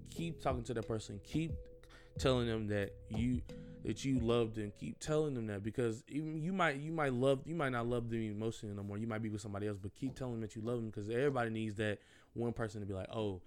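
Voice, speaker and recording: Young man, podcast host, casual solo talk, earnest, rambling, slangy, mid-pitched voice, faint background music. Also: fast talker.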